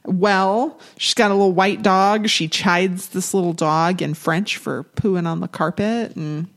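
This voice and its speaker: Slow-talking woman recapping a movie. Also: fairly low pitch, steady tone. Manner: unhurried, recaps plot with dry asides. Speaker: podcast co-host. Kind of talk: casual movie chat.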